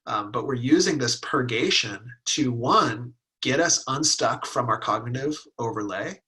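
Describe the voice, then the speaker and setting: A man's voice: mid-range voice, lively intonation, unhurried, bright, forceful tone, breathy edge, poor audio. A middle-aged man teaching a Taoist workshop, talking casually and acting out inner voices with playful laughter. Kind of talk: teaching a live online class.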